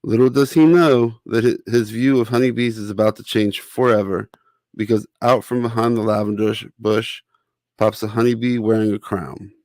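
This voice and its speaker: Low-voiced man reading a children's book. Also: fairly even intonation, moderate pace, darkish tone, no echo. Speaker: author and narrator.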